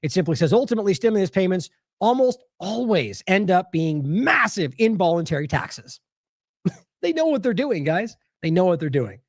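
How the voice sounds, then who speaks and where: Male news-commentary host, fairly high and animated voice, sarcastic, close dry mic. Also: moderate pace, no echo. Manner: exasperated, sarcastic, scoffing laughs. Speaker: independent news show host. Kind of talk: casual commentary on played clips.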